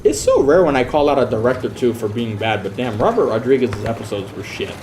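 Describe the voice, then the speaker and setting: A man's voice: medium pitch, lively intonation, brisk, darkish tone, slight background noise. A man ranting profanely and heatedly during a casual livestream, often slipping into mocking voices. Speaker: live streamer.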